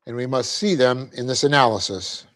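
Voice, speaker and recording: A man teaching a Bible class, dictating the verse and its punctuation slowly and adding joking asides. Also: mid-range voice, fairly bright tone. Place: church classroom.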